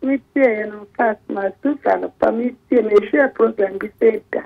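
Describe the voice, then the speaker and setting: Gravelly woman on phone. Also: on the high side, moderate pace. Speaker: caller. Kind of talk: phone-in call. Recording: tinny phone line.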